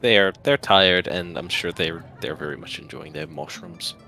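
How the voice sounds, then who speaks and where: A man takes part as a player in a tabletop role-playing session. His voice sits fairly low, and he talks in a hesitant, casual way, pausing and restarting often. Faint music runs underneath. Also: pushed and bright. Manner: hesitant, with many fillers and restarts. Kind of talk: casual tabletop game talk.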